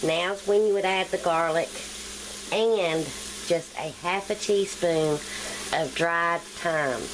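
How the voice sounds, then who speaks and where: Country-accented woman, home-cooking host, slightly low voice, relaxed talk over faint kitchen noise. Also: slow. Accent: Southern US country. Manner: chatty, step-by-step explaining while cooking. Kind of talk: casual cooking demonstration.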